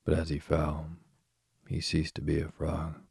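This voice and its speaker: A man reading a fairy tale aloud at a slow, even pace. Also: a bass voice, gravelly, breathy edge. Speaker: narrator. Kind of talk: storybook reading.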